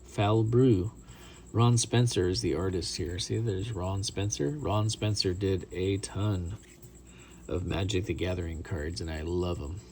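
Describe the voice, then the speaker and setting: Middle-aged guy rambling excitedly about cards, kinda low voice, crickets faint in the back. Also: a little hiss or hum. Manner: rambling, excitable, chatty, self-deprecating. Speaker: card collector opening booster packs. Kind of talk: casual hobby vlog commentary.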